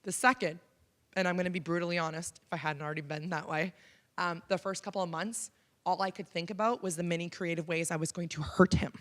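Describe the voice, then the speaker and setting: A woman's voice: fairly low pitch, steady tone, fast. Frank woman telling a personal story. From Canada. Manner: frank, conversational, many ums. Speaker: keynote speaker. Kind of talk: personal story talk to an audience. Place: college auditorium.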